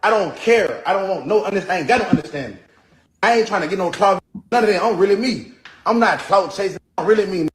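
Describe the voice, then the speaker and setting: A high-sitting male voice with lively intonation moves at a quick pace, with a little hiss or hum on the recording. Heard in a played clip, he delivers a defiant, repetitive rant, saying "boy" again and again.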